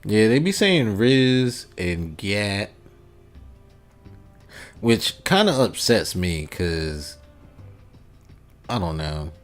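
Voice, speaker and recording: A man's voice: fairly low pitch, big pitch swings, extremely slow, pauses often, faint music behind. A man livestreaming a game, chatting casually with viewers, laid-back and rambling, often chuckling. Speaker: gaming livestreamer. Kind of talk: casual chat reading out viewer comments.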